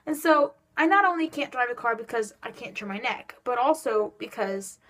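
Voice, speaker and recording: A woman's voice: fairly high pitch, brisk, few pauses. A teenage girl telling a story to her phone camera in casual chat, with a stiff sore neck and lots of "like" fillers. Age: teens. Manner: animated storytelling, lots of "like" and "just like". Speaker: vlogger.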